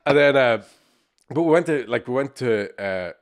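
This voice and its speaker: A man co-hosting a podcast, telling animated, sweary anecdotes with acted-out quotes. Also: mid-range voice, moderate pace, vocal fry. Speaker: podcast co-host. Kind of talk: casual storytelling chat.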